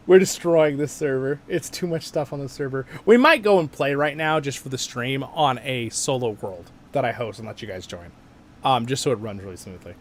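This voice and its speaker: A man hosting a casual gaming livestream, rambling and excitable as he plays and answers chat. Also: medium pitch, normal speed. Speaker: livestream host.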